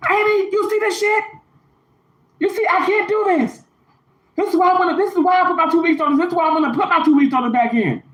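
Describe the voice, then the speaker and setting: A man's voice: very high voice, fairly bright tone, echoey room, voice pushed up, rough recording. A man imitating a fed-up female coworker who swears and complains in a rush. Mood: exasperated. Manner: exasperated, swearing, rapid complaints.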